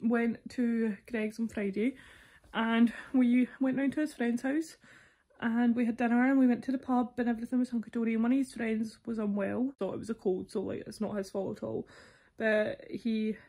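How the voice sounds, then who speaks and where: A woman's voice: a little high, flat delivery, moderate pace, mellow. A young Scottish woman vlogging casually from home, rambling and candid with lots of fillers, while ill with a sore throat and cough. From Scotland. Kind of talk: casual vlog chat to camera.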